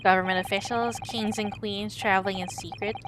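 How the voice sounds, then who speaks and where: A woman voicing a gruff, proud male sailor in a video game, speaking blunt, broken English, over steady background noise. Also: mid-range voice, fairly quick, lightly acted.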